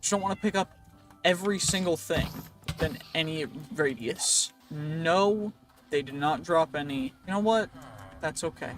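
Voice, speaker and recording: A man casually commenting on his own gameplay, chatty and playful, thinking out loud, with a voice that is wearing out. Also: on the high side, moderate pace, music in the background. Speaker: gaming channel host.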